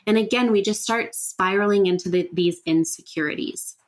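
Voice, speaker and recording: A woman's voice: medium pitch, moderate pace. A woman hosting a solo podcast, talking earnestly and conversationally, thinking aloud with fillers and rhetorical "right?" checks. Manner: earnest, explanatory. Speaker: podcast host. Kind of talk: casual solo podcast talk.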